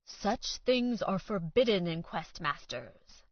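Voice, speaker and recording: A woman's voice: mid-range voice, expressive, normal speed, no room sound, lightly acted. A stiff, self-important man in a fur hat, as a female narrator puts him on, putting on a bad fake Scottish burr. His delivery is haughty and rule-bound. The read is dry and slightly muffled.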